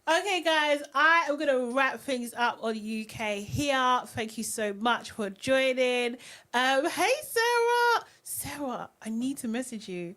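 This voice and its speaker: A woman's voice: on the high side, a little slow, few pauses, pushed and bright. A young woman hosting a casual live recap, chatty and giggly, reading viewer comments aloud. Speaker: live-stream host.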